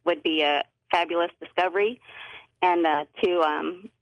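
Low-voiced woman caller on a muffled line. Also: steady tone, normal speed, no echo. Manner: brief, hesitant answers. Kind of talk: phone call to a radio show.

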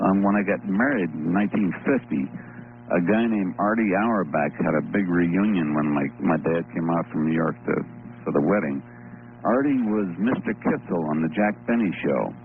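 Deep-voiced older caller on a phone line. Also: male voice, moderate pace. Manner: rambling storyteller with many fillers. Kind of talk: call-in radio question. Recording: tinny phone line with hum.

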